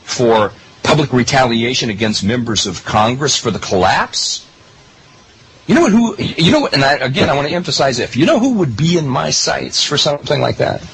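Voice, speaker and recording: A man delivers a monologue to his listeners with emphatic stresses and pointed rhetorical questions. His pitch swings widely and sounds animated. A faint noise sits under the recording. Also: normal speed, vocal fry, low-quality recording. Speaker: political commentary host.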